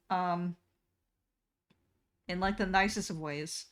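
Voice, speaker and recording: A woman's voice: on the low side, fairly even intonation, measured pace, long pauses, clean tone. A young woman streamer chatting casually while she draws, rambling with lots of fillers and restarts. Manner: rambling, many fillers and restarts, laughs often.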